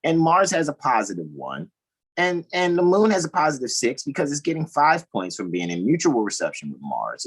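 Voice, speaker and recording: Husky, animated man on a video call. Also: medium pitch. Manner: animated, laughing, thinking aloud. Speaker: astrology co-host. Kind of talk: casual astrology talk.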